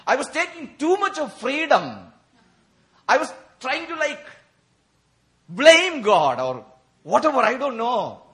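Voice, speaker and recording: Male preacher, high voice, sharp and bright, emotional, laughing, bursts of shouting. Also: slow, long pauses, slightly rough. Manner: emotional, animated storytelling with laughs and outbursts. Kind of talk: sermon at a prayer meeting. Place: church.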